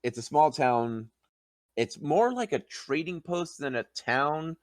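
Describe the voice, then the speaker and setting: A man voicing a confused young human noble training as a paladin, speaking in a halting, formal, courteous way. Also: on the high side, lively intonation, dry recording, clean studio sound, voice pushed up. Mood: formal, dazed.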